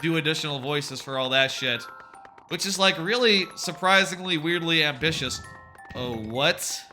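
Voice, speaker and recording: Rambling, cursing streamer man, slightly high. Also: moderate pace, bright, forceful tone. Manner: rambling, swears casually, repeats words when restarting. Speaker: game streamer. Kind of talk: casual chat while playing a video game. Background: game music.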